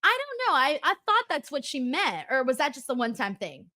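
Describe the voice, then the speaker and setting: A woman's voice: high voice, huge pitch swings, fairly quick, bright, forceful tone. A woman hosting a casual wrestling review show, reading viewer messages and laughing often. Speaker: host.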